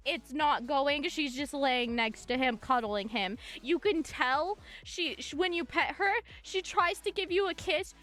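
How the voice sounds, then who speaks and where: A woman streamer telling a long story to her chat in an excitable way, breaking into shrieks and laughter. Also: high voice.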